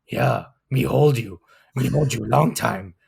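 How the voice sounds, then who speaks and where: A man voicing a gentle, eager male blue fur monster from fan fiction, who speaks of himself in broken third person. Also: medium pitch, slow pace, creaky, breathy edge, full character voice. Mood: tender.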